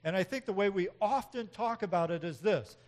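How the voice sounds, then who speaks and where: High-voiced, animated preaching man. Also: brisk. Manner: animated preaching, swings from loud emphatic outbursts to quiet asides; chuckles often between points. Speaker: pastor. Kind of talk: sermon.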